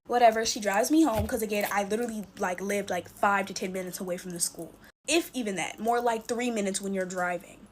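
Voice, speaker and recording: A TikTok storyteller in her twenties plays with slime while chatting through a casual storytime, full of fillers and calling viewers "y'all." Her medium-pitched voice is brisk, with a little hiss or hum.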